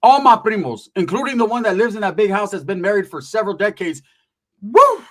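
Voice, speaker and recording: A man telling a comic story in an animated, profane, slang-heavy way. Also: sits high, fast. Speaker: comedian.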